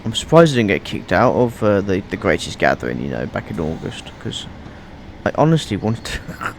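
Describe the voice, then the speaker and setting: A man's voice: on the low side, very animated, normal speed, a little hiss or hum. A man giving casual gameplay commentary as a YouTuber, often restarting his sentences and wandering into asides. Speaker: gaming YouTuber.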